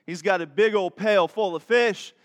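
Male pastor, folksy and chatty, high voice, long church reverb. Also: normal speed. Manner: folksy, chatty, audience asides. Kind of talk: sermon with jokes. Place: church sanctuary.

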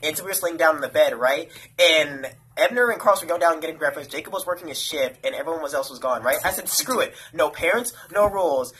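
Male co-host, quick and bright-toned, animated storyteller. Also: a little high, slightly rough. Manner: animated storyteller who acts out friends' lines. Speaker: podcast co-host. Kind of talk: casual storytelling chat.

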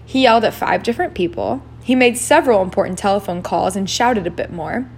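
A woman reads a novel aloud in a middle-pitched voice. She takes her time and now and then slips in an aside of her own. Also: lively intonation, gravelly, darkish tone, slight background noise. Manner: unhurried, adds own asides. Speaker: reader.

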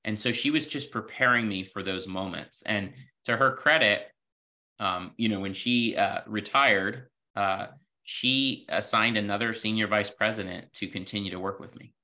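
A man with a fairly low, bright and forceful voice speaks as an interview guest. He tells stories from his working life in an earnest, reflective way, scattering "you know" through his sentences. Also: normal speed. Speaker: podcast guest, healthcare executive.

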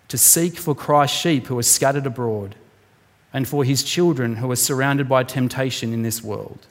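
A man preaching a sermon in a conversational, animated way, acting out little scenes as he explains. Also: medium pitch. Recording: reverberant hall.

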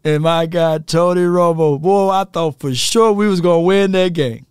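A man's voice: a little high, moderate pace, clear, resonant tone, no echo, clean studio sound. A man ranting animatedly about football as a fan commentator, laughing at himself.

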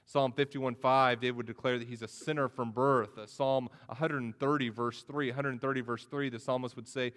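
A man's voice: mid-range voice, fairly quick, few pauses, a bit bright. A man preaching a sermon as pastor, earnest, often repeating words and restarting, his voice rising when he pleads. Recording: long reverb of a hall.

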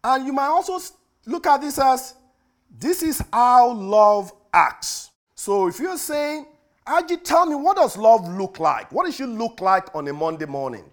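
A male preacher delivering a sermon, swinging from loud declarations to hushed asides. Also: very high voice, big pitch swings, moderate pace.

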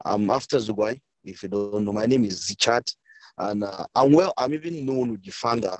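A man, speaking emotionally and haltingly as a guest on an online call from a village, often repeating himself. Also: on the low side, dry recording, poor audio. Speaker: guest speaker, author's brother. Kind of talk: emotional speech on a video call. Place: village, weak network.

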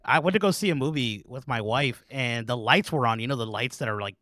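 A man in casual chat tells a story with animated exclamations and mild slang. His voice sits in a middle range, recorded dry and close. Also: mid-range voice, a little fast, no echo.

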